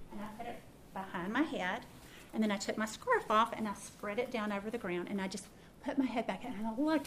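A middle-aged woman speaks in a somewhat high voice, telling a personal story in an informal sermon. She acts out her own thoughts with lively swings of voice. Faint room noise sits under the talk. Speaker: speaker teaching a prayer practice.

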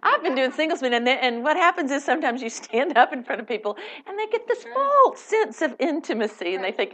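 A woman with a high, bright voice tells a personal faith story to a live audience. She is animated, laughs often and acts out the people she quotes. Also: fast, few pauses. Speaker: speaker at a Christian event.

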